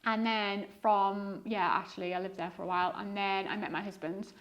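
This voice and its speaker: A woman's voice: medium pitch, fairly even intonation, fairly quick, highs cut off. A woman in her thirties with a diluted Liverpool accent, chatting casually as a guest on a podcast, rambling with fillers and restarts. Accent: diluted Liverpool (Scouse). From Liverpool, England. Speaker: guest eBay reseller.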